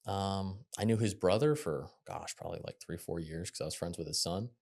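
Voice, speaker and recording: A young man with a deep, low-pitched voice talks at a brisk clip. He tells stories from his working life as an interview guest, loose and chatty, and his voice comes alive when he acts out what others said. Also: gravelly. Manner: quick, chatty, animated when quoting others. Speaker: podcast guest. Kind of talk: casual interview storytelling.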